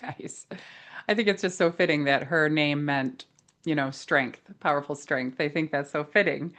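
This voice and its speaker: A woman's voice: low-pitched, normal speed, fairly bright tone. A woman hosting an interview, asking questions and encouraging her guest. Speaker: interview host. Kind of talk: casual interview chat.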